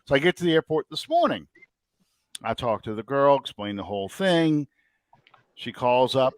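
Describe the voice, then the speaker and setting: A man hosting a podcast, telling a story in a casual, animated way and laughing often as he goes. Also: mid-range voice, normal speed, long pauses, dry recording. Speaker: podcast host.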